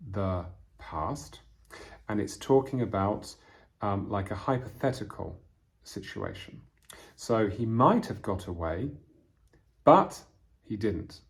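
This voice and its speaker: A man teaching English vocabulary from a storybook, explaining words slowly with frequent fillers. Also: on the low side, darkish tone. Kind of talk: vocabulary lesson reading from a storybook.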